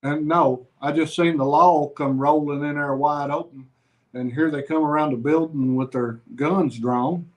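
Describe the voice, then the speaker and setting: A man's voice: on the high side, fairly even intonation, a little slow, rough recording. A man talking as a guest in a casual chat, easygoing and plainspoken.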